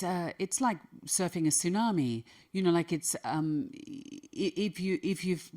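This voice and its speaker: Low-pitched and somewhat dark in tone, this actress in her fifties gives thoughtful answers in a conversational interview, frequently starting her phrases over.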